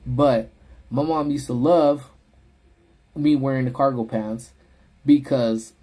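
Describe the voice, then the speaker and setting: Husky guy livestreaming from his car, chatty story time, does squeaky voices for people. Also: takes it slowly. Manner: animated, voices quoted people in high yelps. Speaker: livestream host. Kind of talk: casual storytelling to live chat. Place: parked car.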